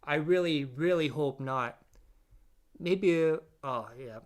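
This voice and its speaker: A man's voice: on the high side, slow. Blunt man reading chat logs aloud. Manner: blunt, exasperated, crude asides. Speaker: drama commentary host.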